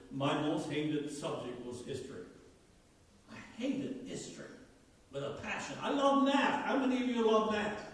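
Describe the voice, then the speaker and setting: A man's voice: fairly high pitch, slight background noise. A man from Newfoundland with a Newfoundland accent, preaching a folksy, conversational sermon and asking the congregation questions. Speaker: pastor. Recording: echoey church hall, mic far off.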